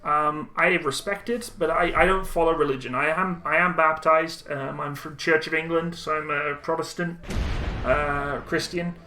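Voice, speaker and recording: A young man casually reading and answering viewer chat on a live stream, relaxed and chatty with frequent ums and laughs. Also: a little high, moderate pace.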